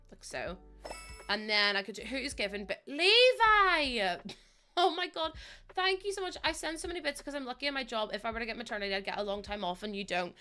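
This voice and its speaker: A young woman live streaming, thinking aloud as she builds and warmly thanking viewers by name. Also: medium pitch. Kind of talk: casual live-stream chat while building in a game.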